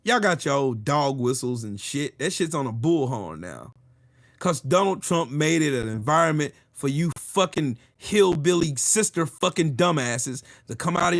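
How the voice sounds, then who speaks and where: Dude going off on his channel, cussing nonstop, kinda high voice that jumps all over. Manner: combative, profane, mocking. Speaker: channel host. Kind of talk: ranting commentary.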